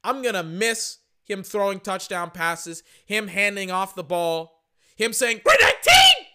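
Hoarse, passionate man ranting about sports. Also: sits high, a little slow, sharp tone. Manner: passionate and emphatic, heavy repetition. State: hoarse, losing his voice. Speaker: podcast host. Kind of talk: sports opinion rant.

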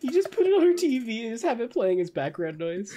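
A man's voice: extremely high pitch, very animated, fast talker, a crowd in the background. A man co-hosting a podcast, telling rambling stories in casual chat and laughing often. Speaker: podcast co-host.

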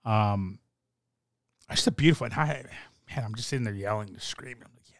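A young man talking in a rambling, excitable way with many fillers and restarts, as in casual chat. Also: lowish voice, fairly quick, pauses often, no echo, clean studio sound. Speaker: soccer fan podcaster.

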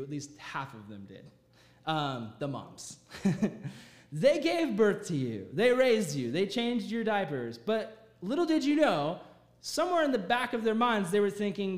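Young guy youth pastor, high voice, super animated storytelling, echoey church room. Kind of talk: youth sermon.

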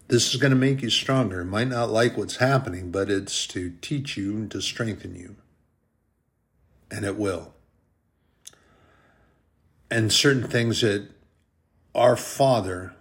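A man with a fairly low voice delivers a sermon slowly and deliberately, stretching out his emphatic phrases.

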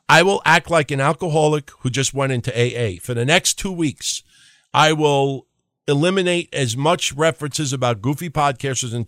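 A man hosting a solo wrestling podcast, ranting in an animated, profane way at a desk microphone and mocking people in put-on voices. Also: mid-range voice, no room sound, studio quality. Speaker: podcast host.

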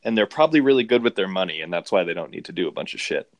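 A man casually discussing a movie, rambling and animated. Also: deep voice, rapid-fire, no echo. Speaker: film podcast co-host.

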